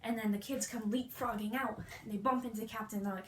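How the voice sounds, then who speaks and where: A young woman gives a hyper, comic retelling of a musical, fast, playful and full of slang, acting out the quotes. Her mid-range voice stays steady in tone, recorded in an echoey room with faint noise.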